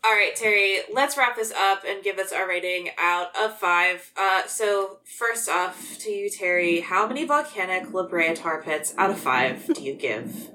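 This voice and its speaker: A woman runs a movie podcast and steers the talk toward wrapping up. She speaks loosely, with a lot of "like." Her voice is mid-pitched. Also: measured pace, few pauses, sharp tone. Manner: breezy, runs the segment, uses filler "like". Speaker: podcast host. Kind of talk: casual movie review chat.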